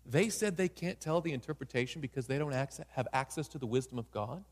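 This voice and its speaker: A calm, confident young prophet, as a preacher puts him on. He speaks quietly and with assurance. His voice carries a long hall echo. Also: medium pitch, a little fast, natural voice. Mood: assured.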